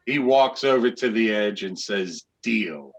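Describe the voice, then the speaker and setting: A man narrating a tabletop fantasy game as game master, in a measured storytelling manner. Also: fairly low pitch, highs cut off.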